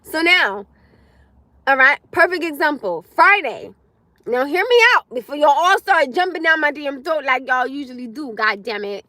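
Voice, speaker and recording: A high-voiced young woman chatting to her viewers on a live stream. Her tone is bright and sharp, and she swears freely as she answers comments. Her talk is loose, animated and full of asides. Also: normal speed, dry recording. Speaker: livestream host. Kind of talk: casual livestream chat with viewers.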